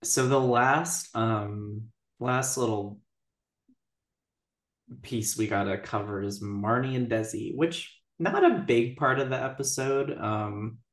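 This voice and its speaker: A woman's voice: very deep voice, slow pace. Woman co-host, blunt, laughs easily, casual swearing, roomy echo. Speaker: podcast co-host. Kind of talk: casual chat.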